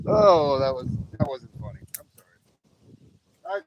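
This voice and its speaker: At night by his backyard fire pit, a cheerful man with a voice on the high side hosts a casual livestream through a camera on a tripod, and the audio sounds dull. He chats away, greets viewers by name and laughs often.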